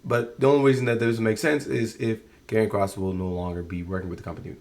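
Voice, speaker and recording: A man's voice: fairly low pitch, flat delivery, fast, a little mellow. Exasperated man ranting in a review. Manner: exasperated, rambling with frequent restarts. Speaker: wrestling show reviewer. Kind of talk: casual spoken review.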